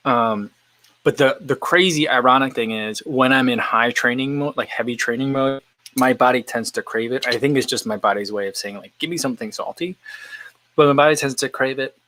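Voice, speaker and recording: Male host, mid pitch, bright tone, loose live-stream chat, thinks aloud and wanders between answers. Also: brisk, low-quality recording. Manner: rambling, thinks aloud while answering viewers. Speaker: running channel host. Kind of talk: casual live-stream chat while eating.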